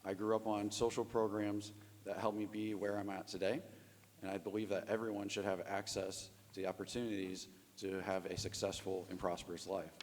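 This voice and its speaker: A man in his thirties from Ohio giving a prepared opening statement as a candidate, his voice going hoarse. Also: on the low side, little pitch movement, a little fast, darkish tone. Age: 30s. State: losing his voice. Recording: long reverb of a hall.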